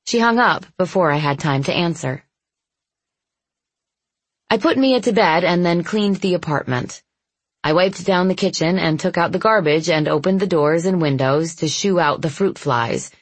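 A woman narrating a first-person story in a soft, intimate, measured way. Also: low voice, breathy edge, no echo. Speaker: audiobook narrator.

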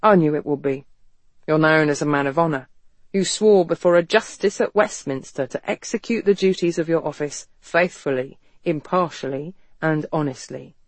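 A narrator voicing a quiet, controlled male agent who speaks low and matter-of-fact in an audiobook. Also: normal speed, no echo, close to an everyday voice. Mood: quiet, guarded. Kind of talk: audiobook character reading.

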